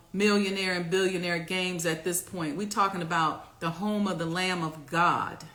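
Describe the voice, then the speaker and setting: Preachy woman host in an echoey room. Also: on the low side. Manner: preachy, exhorting, builds to loud rallying repetition. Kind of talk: casual motivational talk to camera. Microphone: camera.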